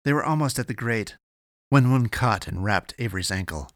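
A man giving steady, measured scripted narration of an audiobook. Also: medium pitch, no echo, clean studio sound.

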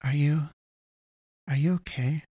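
A woman's voice: low voice, steady tone, measured pace, warm tone, husky, dry recording, studio quality, voice pushed up. A man reading a story aloud, voicing a stern, guarded young woman who speaks curtly and only grudgingly shows concern.

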